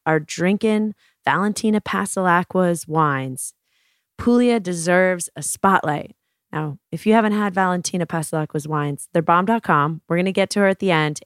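A woman's voice: lowish voice, smooth, no echo, studio quality. A woman hosting a wine podcast, talking casually in a playful, slangy, jokey way. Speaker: podcast host. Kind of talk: casual chat about wine.

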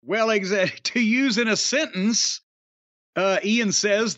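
Middle-aged male host, profane and rambling, high lively voice on a dry, dull recording. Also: slow, no room sound. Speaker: podcast host. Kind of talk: casual chat.

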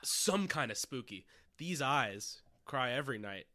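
Playful joking man with lively pitch. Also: measured pace. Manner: playful, jokey, swears. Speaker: podcast co-host. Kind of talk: casual comedic chat.

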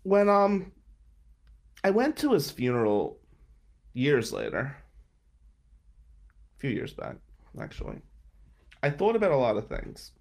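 A man's voice: a little high, huge pitch swings, measured pace, creaky, long pauses. A man hosting a podcast, telling a personal story in a monologue and acting out his relatives' words in different voices. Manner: dramatic, acts out relatives' lines in voices. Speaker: podcast host.

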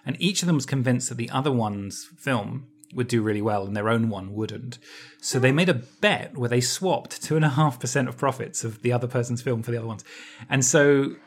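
A man's voice: medium pitch, fairly quick. Chatty male podcast host telling a story. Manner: animated storyteller who laughs easily and restarts his phrases. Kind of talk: casual podcast chat.

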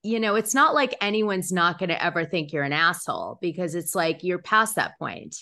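A woman's voice: on the low side, animated, moderate pace, pushed and bright. A woman hosting a casual chat, frank and blunt, swearing freely as she speaks her mind.

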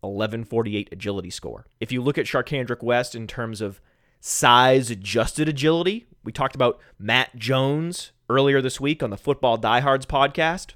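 A man hosting a sports podcast alone, sarcastic and mock-calm, who keeps bursting into shouts. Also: mid-range voice, normal speed, no room sound, studio quality. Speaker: fantasy football podcast host. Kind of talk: sarcastic solo podcast rant. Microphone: studio microphone.

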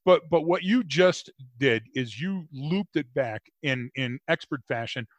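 A man with a fairly high voice co-hosts a conversational podcast, joking and rambling as he restarts his sentences. The sound is dry and close. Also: unhurried, no echo. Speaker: podcast co-host.

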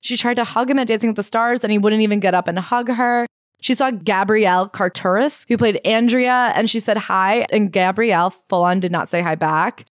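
A woman's voice: mid-range voice, moderate pace, dry recording, studio quality. A woman co-hosting a podcast, recapping a celebrity book in a casual, sarcastic way and laughing often. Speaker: podcast co-host.

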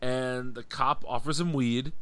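A man co-hosting a casual comic book podcast, his voice sitting at an ordinary middle pitch. He recaps the story wryly, slipping into brief put-on voices for the characters and leaning on dry humor. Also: steady tone, measured pace, a bit bright, smooth. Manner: wry, recaps plots by acting out characters' lines. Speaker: podcast co-host.

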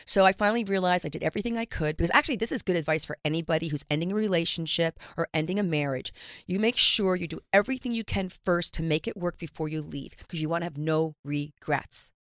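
Middle-aged woman, casual storytelling, lowish pitch, dry studio sound. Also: fast talker, no room sound. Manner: animated storyteller, acts out quoted lines. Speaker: reality TV personality, guest. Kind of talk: casual chat, personal storytelling.

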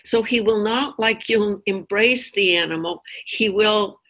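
A woman with a husky, breathy voice guides a reflective group discussion. She retells stories in a thoughtful, measured way, pitched in the middle range. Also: fairly bright tone, low-quality recording. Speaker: discussion leader.

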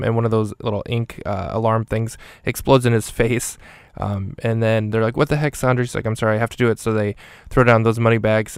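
A man's voice: on the low side, clear, resonant tone, dry recording, studio quality. A man casually recapping a movie minute by minute and rating each one, in a rambling way with many fillers. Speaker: movie reviewer.

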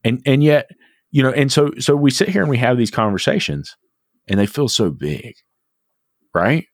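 A man's voice: medium pitch, expressive, normal speed, no echo, clean studio sound. A man co-hosting a podcast, telling a long personal story in a reflective, repetitive way. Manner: reflective storytelling, repeats words as he thinks. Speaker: podcast co-host. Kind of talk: casual podcast chat.

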